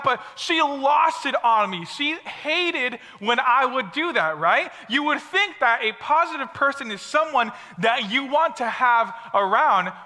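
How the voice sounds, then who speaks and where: A man's voice: very high-pitched, pushed and bright. A young man giving a chatty, upbeat storytelling sermon to a youth audience. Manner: upbeat and chatty, many asides. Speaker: speaker at a youth service. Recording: long reverb of a big hall.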